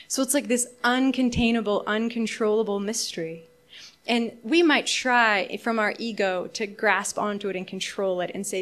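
A woman's voice: mid-range voice, steady tone, normal speed, fairly bright tone. A young adult woman giving a conversational sermon in a casual, thoughtful manner, with many fillers and restarts. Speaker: preacher.

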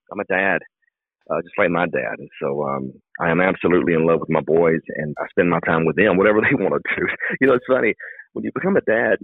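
A middle-aged political candidate gives a campaign interview, answering with fervent, emphatic, repetitive speechmaking. His voice sits low with a breathy edge, and the audio is a dry, tinny phone line.

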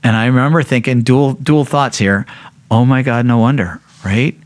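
A man's voice: moderate pace, dry recording. A man recounts a hard chapter of his life in a candid, blunt way, swearing freely and restarting his sentences. When he quotes other people, his voice leaps sharply up or down. The sound is close and dry, with no room around it. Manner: blunt and profane, with frequent restarts; acts out quoted voices with big jumps in pitch. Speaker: podcast guest. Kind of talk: candid personal storytelling.

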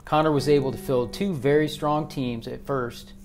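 A man's voice: mid-range voice, fairly even intonation, normal speed, a little mellow, faint music behind. Man narrating an audiobook.

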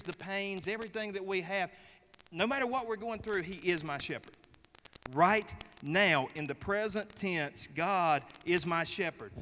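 High, bright-voiced preacher man. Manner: emphatic, repeating phrases, leading the congregation. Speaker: pastor. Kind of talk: sermon. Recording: reverberant hall with faint noise.

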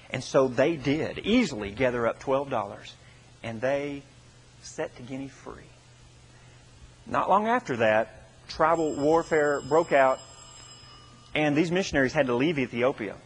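A man preaching a sermon as pastor, telling a story with earnest, dramatic swings from full voice down to hushed. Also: on the high side, slightly rough, rough recording. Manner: earnest, dramatic storytelling with sharp drops in volume.

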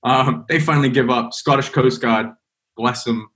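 A man, a podcast guest, telling a story in a casual, animated way, with lots of fillers and restarts. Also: mid-range voice, normal speed. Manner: animated, rambling, heavy on fillers.

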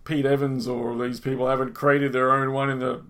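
A man's voice: mid-range voice, little pitch movement, moderate pace, a bit bright. A man hosting a podcast, reading an article aloud and then chatting enthusiastically with lots of fillers. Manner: enthusiastic, loose and rambling, with frequent fillers. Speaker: podcast host.

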